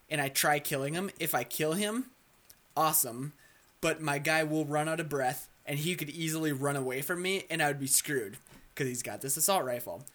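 An excitable young man tells gaming stories on a casual chat show. His voice sits a bit high, and he keeps restarting sentences and swearing as he gets carried away. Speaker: co-host.

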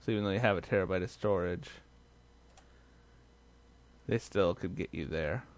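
A man's voice: low voice, moderate pace. A man co-hosting a podcast, chatting casually about tech news and often trailing off mid-thought. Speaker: podcast co-host.

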